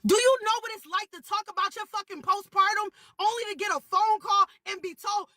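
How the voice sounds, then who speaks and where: A young woman pours out her anger on a live stream in a very high, bright, piercing voice. Her talk is heated and full of curses, and she drives each point home by repeating it. The sound is close and dry. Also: steady tone, brisk, hardly any pauses, no echo. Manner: heated, repetitive, profane, shouting at times. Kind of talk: angry venting on a live stream.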